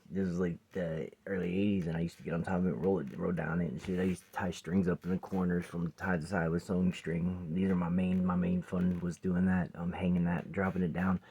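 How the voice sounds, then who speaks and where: Husky low-voiced man telling a rambling story. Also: dark tone. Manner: rambling, swears often, drops to a near whisper at times. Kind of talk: casual personal storytelling to camera. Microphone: phone or camera close by.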